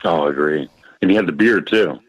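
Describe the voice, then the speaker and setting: A man speaking as a guest historian in a roundtable, measured and thoughtful. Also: sits low, husky, no echo, rough recording. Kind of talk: casual roundtable discussion.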